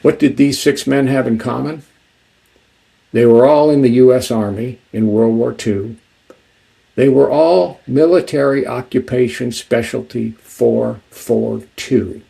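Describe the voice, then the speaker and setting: Male author, measured delivery, dark gravelly voice. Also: medium pitch, poor audio. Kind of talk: book talk with reading.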